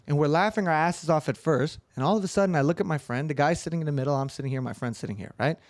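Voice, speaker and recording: A man's voice: a little high, very fast, dry recording, studio quality. A young man casually telling a long, rambling story as a podcast host. He swears often and acts out the lines he quotes.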